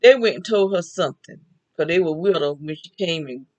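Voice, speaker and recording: Talking a little fast in a somewhat low, mellow and animated voice, an older woman vlogs alone with poor audio. Her casual storytelling is full of family tales, frequent laughter and back-and-forth with herself.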